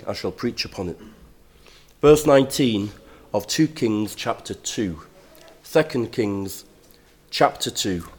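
Older guy preaching, unhurried, measured, gets emphatic at points. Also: mid-range voice, a little mellow. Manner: slow, measured, grows emphatic. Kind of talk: sermon with scripture reading.

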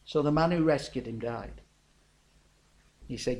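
A man's voice: mid-range voice, lively intonation, normal speed, darkish tone. A middle-aged man, preaching a sermon in a folksy, storytelling way, calling his listeners folks.

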